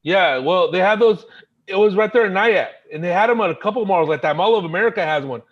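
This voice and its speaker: A man's voice: sits high, expressive, fast talker, lo-fi sound. A man co-hosting a podcast in casual chat, eagerly listing examples. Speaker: podcast co-host.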